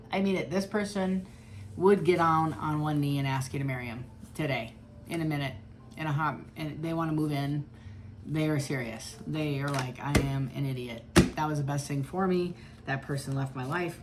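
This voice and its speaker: A woman's voice: deep voice, slight background noise. A woman giving a chatty, blunt tarot reading in a casual style, swearing freely. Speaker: tarot reader.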